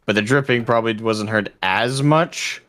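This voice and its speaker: A man's voice: fairly low pitch, moderate pace, fairly bright tone. A man chatting casually with friends over voice chat as a guest reader, loose and prone to swearing. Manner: loose, swears and stumbles when reading. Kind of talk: casual chat and reading aloud.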